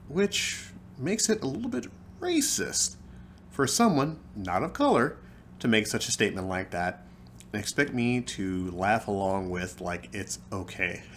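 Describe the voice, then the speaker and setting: Animated man telling a wry story. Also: on the low side, a little hiss or hum. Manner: theatrical, wry, addresses listeners as folks. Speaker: podcast host. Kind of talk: storytelling monologue.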